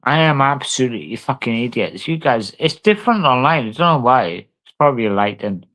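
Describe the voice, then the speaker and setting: A man's voice: medium pitch, big pitch swings, brisk, a bit bright. A man, talking casually and swearing a lot as he answers a live stream chat. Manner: brash, sweary, talks back to chat. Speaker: livestreamer.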